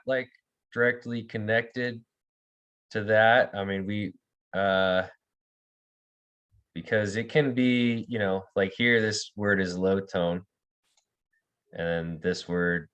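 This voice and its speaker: A man leads an online language class, calling on students and repeating words for them. His voice sits very low and he speaks slowly, with plenty of hesitant fillers. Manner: hesitant, many fillers and restarts. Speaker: language teacher.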